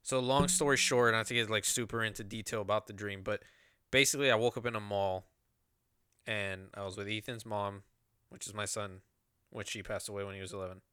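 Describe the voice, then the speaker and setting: A man's voice: on the low side, steady tone, brisk, bright, forceful tone, clean tone, no room sound, studio quality. A man telling a personal story in a rambling, casual way, with lots of swearing and fillers.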